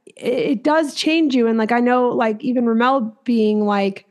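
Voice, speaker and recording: Chatty woman host, slightly high voice. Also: measured pace, a little mellow. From Minnesota. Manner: chatty, empathetic, many fillers like "like". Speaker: podcast host. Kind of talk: casual interview chat.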